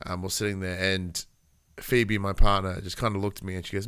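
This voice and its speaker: A man's voice: lowish voice, fairly quick, fairly bright tone, no echo, clean studio sound. An Australian man co-hosting a podcast, telling rambling stories with lots of fillers and chuckles. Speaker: podcast co-host. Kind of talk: casual podcast chat.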